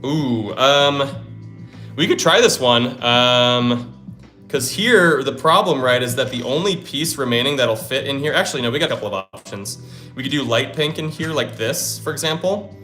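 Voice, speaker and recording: A man's voice: medium pitch, expressive, normal speed, sharp tone. A young man hosting a casual live stream, thinking aloud while he solves puzzles and hyping himself up when they click. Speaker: livestream host. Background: faint lo-fi music.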